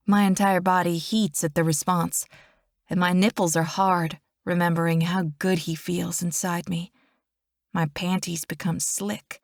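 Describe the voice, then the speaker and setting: A woman narrates a first-person romance audiobook in a steady, intimate way. Her voice sits on the low side, and the close mic gives a dry, roomless sound. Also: creaky, dry recording.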